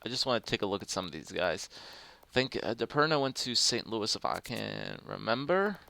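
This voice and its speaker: Bright-voiced young man rambling over gameplay. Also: on the low side, big pitch swings, brisk, creaky. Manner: thinking aloud, rambling with fillers. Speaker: gaming commentator. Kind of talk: casual gameplay commentary.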